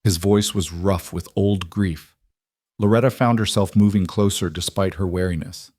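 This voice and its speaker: Low-voiced man narrating a story. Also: steady tone, moderate pace, darkish tone, no echo, clean studio sound.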